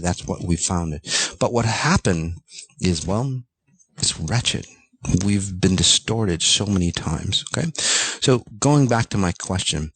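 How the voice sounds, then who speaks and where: Deep-voiced man ranting intensely. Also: breathy edge, no echo. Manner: intense, ranting, speaks directly to listeners; frequent fillers and tag questions. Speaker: podcast host. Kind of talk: motivational monologue.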